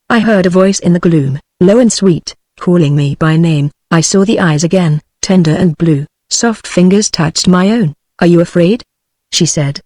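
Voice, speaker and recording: A woman's synthetic voice with a British English accent, reading a novel aloud as an audiobook narrator at an even, unhurried pace. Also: on the low side, dry recording. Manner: even, unhurried text-to-speech delivery.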